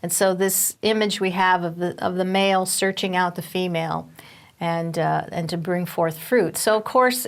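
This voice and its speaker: A woman Bible teacher with a slightly low-pitched voice walks through a lesson. She explains step by step, pausing on fillers and restarting phrases as she goes. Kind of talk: recorded teaching session.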